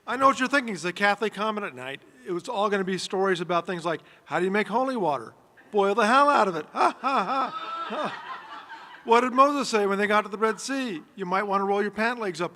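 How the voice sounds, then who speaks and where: Man, cork irish accent, comedy emcee, high voice, bright tone, corny jokes. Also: reverberant, a little hiss or hum, rough recording. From Ireland. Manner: jokey, groans at his own puns. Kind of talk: comedy show introductions.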